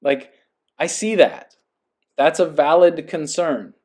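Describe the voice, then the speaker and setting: A man's voice: a little high, takes it slowly, a little mellow. A man hosting a podcast, reading a passage aloud and then musing earnestly, often checking in with the listener. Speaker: podcast host. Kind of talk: reading aloud and reflective monologue.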